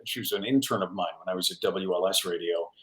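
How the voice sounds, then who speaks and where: Man, radio news anchor on a podcast, animated self-deprecating storyteller, roomy echo on the voice. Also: deep voice, fast. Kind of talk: casual interview storytelling.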